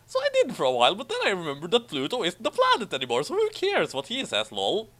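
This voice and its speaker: A man's voice: high-pitched, wildly swooping pitch, quick pace, a bit bright. A man doing a comedic reading of a fan story with commentary, theatrical and hammy, laughing often. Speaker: fanfiction reader and commentator.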